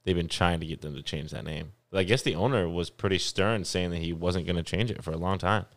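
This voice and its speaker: A man's voice: sits low, brisk. A man hosting a podcast in casual chat, rambling with many fillers and laughing often. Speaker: podcast host.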